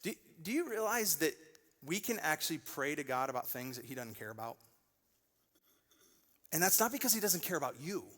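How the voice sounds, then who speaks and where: Animated male pastor in a reverberant church. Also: fairly high pitch, fairly quick, long pauses. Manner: animated storyteller, acts out quoted voices. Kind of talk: sermon. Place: large church auditorium. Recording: long reverb of a church hall.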